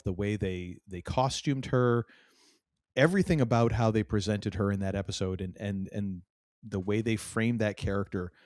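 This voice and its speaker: A man's voice: lowish voice, no room sound, studio quality. A man co-hosting a podcast, chatting casually and enthusiastically about a TV show, acting out quotes and laughing often. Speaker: podcast co-host. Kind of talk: casual TV recap chat.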